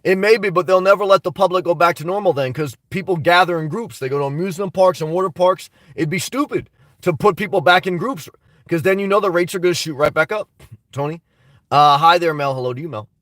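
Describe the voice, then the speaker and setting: A man's voice: high-pitched, fast talker, a bit bright, no echo, far from the mic. A man hosting a live stream, reading out chat messages and answering in a blunt, swearing, chatty way. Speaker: livestream host reading chat. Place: home in New Jersey.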